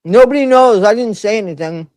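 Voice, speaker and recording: Brief: mid-pitched livestream host, chatty and loose, greets viewers by name, dry close-mic sound. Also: fairly quick, a little mellow, no room sound. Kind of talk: casual livestream chat.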